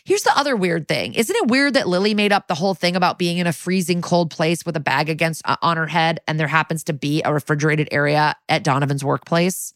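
A woman, co-hosting a podcast and retelling a TV episode scene by scene. She slips into quick character voices for the quoted lines. The sound is dry and close. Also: sits low, no room sound. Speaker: podcast co-host. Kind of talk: casual episode recap.

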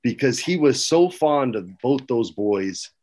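A middle-aged man telling stories as a guest, lively and laughing as he acts out quoted lines. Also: medium pitch, unhurried. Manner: laughs often while talking. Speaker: guest recalling work as a wrestling writer. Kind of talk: casual anecdote-telling.

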